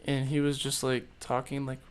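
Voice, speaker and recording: A young man talks loosely on his podcast, circling his point with fillers and restarts. His voice sits at an everyday middle pitch. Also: fairly even intonation, normal speed. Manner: rambling, many fillers. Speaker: podcast host. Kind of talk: casual chat.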